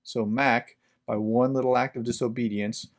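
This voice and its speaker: A man's voice: mid-range voice, fairly even intonation, normal speed. A man, a management professor hosting a podcast, who reads a children's book and adds conversational, explanatory comments with fillers.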